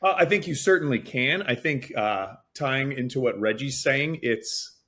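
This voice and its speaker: A man's voice: mid-range voice, moderate pace. A man who works as a fundraising auctioneer, talking energetically on a webinar and acting out announcements as he tells his stories. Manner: energetic, storytelling, acts out announcements. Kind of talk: webinar talk, explaining.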